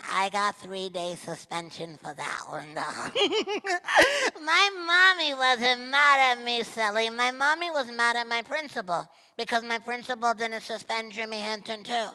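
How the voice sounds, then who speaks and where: A man's voice: high-pitched, creaky, sharp tone, voice pushed up, exaggerated voice, low-quality recording. A chatty six-year-old boy. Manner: nonstop chatter, boastful, giggly. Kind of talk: live character monologue. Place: auditorium stage.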